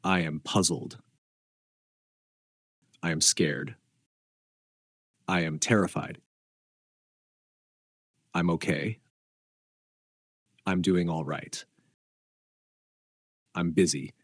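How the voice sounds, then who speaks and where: A man reading short English practice phrases one by one, with an even, deliberate delivery. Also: sits low, breathy edge, no echo, studio quality. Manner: slow, evenly spaced, deliberate delivery.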